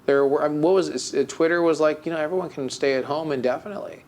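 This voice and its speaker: A man co-hosting a podcast talks rapid-fire in a slightly mellow voice on the high side. His casual chat turns into a mock-melancholy story, rambling with lots of fillers and restarts.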